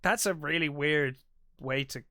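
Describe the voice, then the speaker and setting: Bright, slightly high man recapping a film. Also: measured pace, no room sound, studio quality. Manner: rambling retelling with many fillers and restarts. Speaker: podcast co-host. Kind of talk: casual film recap chat.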